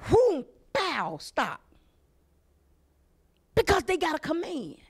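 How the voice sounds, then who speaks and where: Woman preacher, high and wildly swooping voice, fervent, shouting praise, close dry sound. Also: wildly swooping pitch, slow, no room sound. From Southern United States. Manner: fervent, punctuated by shouted hallelujahs and cries. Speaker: pastor. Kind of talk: impassioned sermon.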